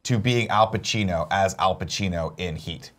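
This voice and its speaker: A man co-hosting a casual comedic morning chat show, rambling and joking in a deadpan way. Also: low voice, normal speed. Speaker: show co-host.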